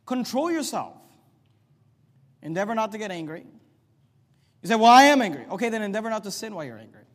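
A middle-aged male pastor preaches with a high voice, rising to loud, emphatic points and then dropping to quiet asides. His voice carries a long reverb, as in a large church hall. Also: sing-song, brisk. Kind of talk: sermon.

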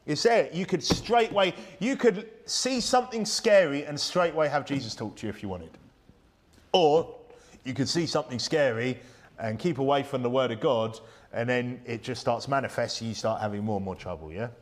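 A man's voice: mid-range voice, moderate pace. A man preaching a Bible-study sermon in a conversational way, full of rhetorical questions and reading old-style scripture aloud.

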